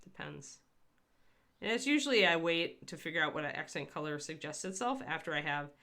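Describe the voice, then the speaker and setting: Low, gravelly-voiced woman demonstrating painting. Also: pushed and bright. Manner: chatty and rambling, answers live chat by name. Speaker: miniature painter hosting a livestream.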